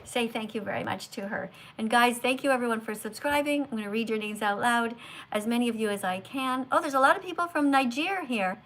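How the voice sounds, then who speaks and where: Earnest, emphatic woman livestreamer, higher voice. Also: a little fast, a bit bright. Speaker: livestream host. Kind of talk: live-stream talk to viewers.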